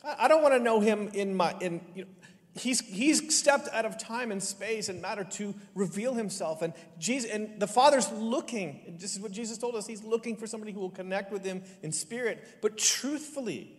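A man preaching a sermon, telling funny family stories and pressing his point with lively emphasis. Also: high-pitched, moderate pace. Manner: lively, joking, rising to animated emphasis. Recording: long hall reverb.

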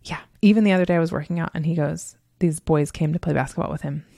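A woman hosts a solo motivational podcast in a low, gravelly voice. She talks emphatically and candidly, swears freely and laughs often as she tells stories. The sound is dry and close to the microphone. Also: fast, mellow, no echo. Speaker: podcast host.

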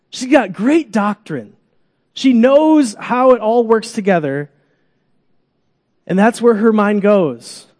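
A man preaching a sermon to a congregation in a church, animated, acting out groans and cries, coaxing children up for an illustration. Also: high-pitched, long reverb tail. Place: church sanctuary.

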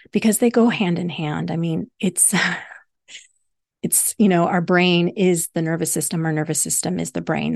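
A woman's voice: lowish voice, creaky, a little mellow, no echo, clean studio sound. A woman hosting a solo self-help podcast, teaching earnestly and repeating key points for emphasis. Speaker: podcast host and hypnosis coach.

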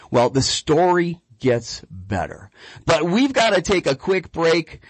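A man hosting a radio talk show about dogs, telling a rambling, lively story with frequent restarts. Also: fairly high pitch, moderate pace, breathy edge, dry recording. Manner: lively, rambling anecdote with repeated words. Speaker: radio show host and dog trainer.

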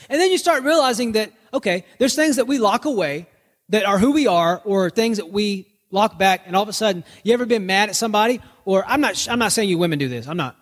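A man preaches in an easygoing, humorous way, spinning everyday stories into his message. His voice sits high for a man. The sound rings with a long reverb, as if in a large hall. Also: lively intonation, quick pace. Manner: joking, storytelling preacher. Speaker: pastor. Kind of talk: conversational sermon podcast.

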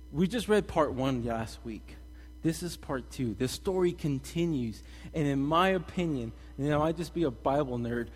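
A young man giving a casual, slangy sermon as a pastor, animated and energetic in his storytelling. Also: fairly high pitch, husky. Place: church hall. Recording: long reverb in a hall.

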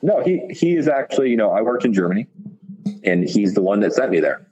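A man's voice: lowish voice, sing-song, a little fast, mellow, breathy edge, lo-fi sound, soft background music. A man, a chef, telling long stories in a loose, profane way with lots of fillers. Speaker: chef, podcast guest. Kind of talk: casual storytelling.

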